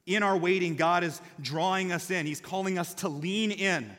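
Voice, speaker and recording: A man delivers a sermon with animated storytelling and a high, bright voice. He swings from lively, loud peaks to quiet, earnest passages. His words ring out in a large church hall with a long reverb. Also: normal speed. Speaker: pastor.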